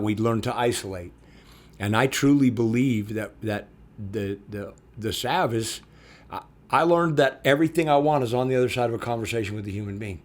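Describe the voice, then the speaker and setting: Impassioned man addressing podcast listeners. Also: normal speed. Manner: impassioned, addresses listeners directly, rises in pitch when animated. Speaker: podcast co-host. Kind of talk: podcast conversation.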